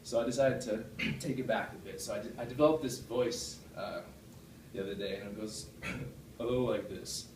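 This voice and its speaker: At a normal speed, a club speaker works through his prepared speech, rambling, self-deprecating, and full of false starts and fillers. He forces a deeper chest voice with a darkish tone. The mic is far off in an echoey meeting room, with slight hiss or hum.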